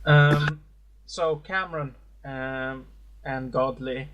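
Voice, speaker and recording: A man's voice: medium pitch, fairly even intonation, slow pace, muffled recording, background noise. A man running a tabletop game as game master, narrating hesitantly with many fillers.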